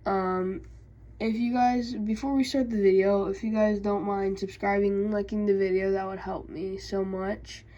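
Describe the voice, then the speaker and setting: A woman's voice: medium pitch, little pitch movement, normal speed, mellow, muffled recording. A woman casually recapping video game lore, hesitant, with many fillers and self-corrections. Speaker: YouTube creator.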